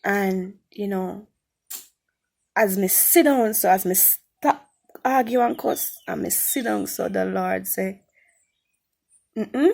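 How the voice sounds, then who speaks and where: A woman's voice: medium pitch, slow, vocal fry, a little mellow. A woman giving an earnest spoken Christian testimony, repeating phrases for emphasis. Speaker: testimony speaker.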